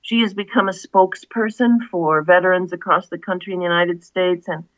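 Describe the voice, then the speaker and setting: A woman's voice: fairly low pitch, fairly even intonation, a little fast, fairly bright tone, dry recording, dull audio. A woman, an author guest, earnestly retelling a story in an interview, with many asides.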